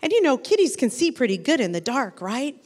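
A woman with a high voice spins a gentle tale for children, pausing to ask her young listeners questions. Her voice rings out with a long reverberant tail, as if in a large hall. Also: sing-song. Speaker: storyteller to children. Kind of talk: children's storytelling.

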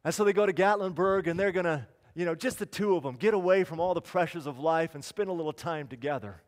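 A man preaching a sermon, swinging between loud appeals and quiet storytelling. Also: fairly high pitch, fast talker. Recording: long hall reverb.

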